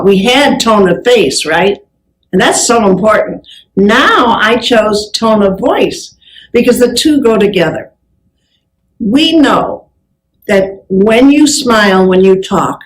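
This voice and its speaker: A woman with a slightly high voice gives a live motivational business talk on stage, caught on poor audio. A lively storyteller, she shares anecdotes and acts out the dialogue in them.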